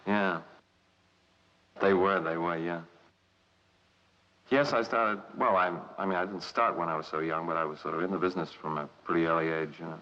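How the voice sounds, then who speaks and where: A man's voice: low-pitched, steady tone, moderate pace, pauses often, sharp tone. A man from England, an actor giving a playful interview on a film set, answering in a dull lo-fi 1960s recording. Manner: playful, hops between voices mid-sentence. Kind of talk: interview answers, slipping into accent demonstrations.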